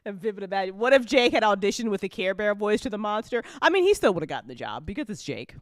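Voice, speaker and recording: A woman hosting a casual after-show chat, talking in an animated way and laughing often. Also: mid-range voice, quick pace, dry recording, clean studio sound. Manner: giggly, animated, frequent laughter. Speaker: host and show creator. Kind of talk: casual chat after a live listen party.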